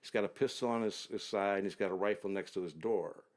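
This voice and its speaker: A man telling a long travel story as an interview guest, unhurried and detailed, often trailing off low. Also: a little mellow.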